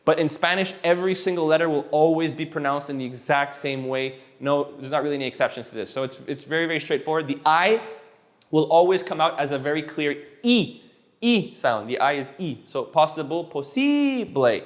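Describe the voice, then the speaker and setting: A man teaching a live class of students, relaxed and encouraging, who often repeats himself and restarts his sentences. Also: fairly high pitch, a little fast. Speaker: Spanish teacher.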